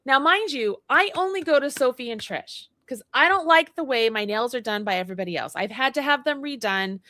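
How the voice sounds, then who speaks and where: A bright, fairly high-voiced woman telling a story on a live chat show. She acts out every voice in the tale and gets more and more worked up. The sound is close and dry. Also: animated, a little fast, dry recording. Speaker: co-host. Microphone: livestream mic.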